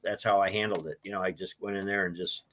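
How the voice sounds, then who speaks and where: Deep-voiced man telling an emotional story. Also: fast, slight background noise. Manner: animated storyteller, voice swells when moved. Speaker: author guest.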